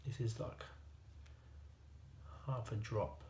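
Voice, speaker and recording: A man's voice: fairly low pitch, fairly even intonation, takes it slowly, darkish tone, reverberant, slight background noise. A man with an Australian accent chatting casually to himself and his viewers while working at a workbench, self-deprecating and easygoing. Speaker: hobbyist watchmaker.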